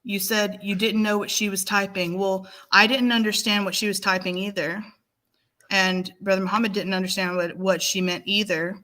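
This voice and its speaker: A woman's voice: medium pitch, level tone, pushed and bright. A woman co-hosting a live stream, firmly lecturing a viewer and repeating her points for emphasis. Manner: slow, deliberate delivery. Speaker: livestream co-host. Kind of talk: heated live-stream scolding.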